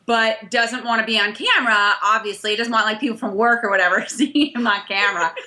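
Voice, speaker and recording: High animated woman with a bright voice. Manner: animated, emphatic, fast bursts. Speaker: co-host. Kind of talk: casual chat.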